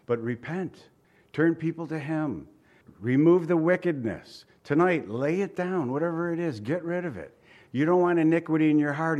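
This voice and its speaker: A man preaching a sermon in a conversational way, asking the congregation rhetorical questions and reading scripture aloud slowly and with emphasis. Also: fairly high pitch, darkish tone. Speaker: pastor.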